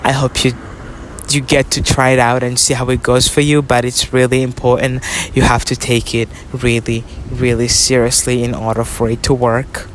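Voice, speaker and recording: This is a young man recording a casual self-help podcast outdoors. His pitch stays in the middle and barely moves as he repeats his points with earnest affection. Faint outdoor ambience and passing vehicles sit quietly behind his voice. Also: level tone, normal speed, slight background noise. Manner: earnest, repetitive, affectionate toward listeners. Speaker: podcast host.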